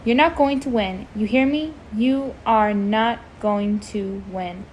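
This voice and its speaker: A woman voicing a frightened, angry teenage boy in a storybook reading, loud and desperate. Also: mid-range voice, moderate pace, lo-fi sound, slight background noise, lightly acted. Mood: desperate defiance.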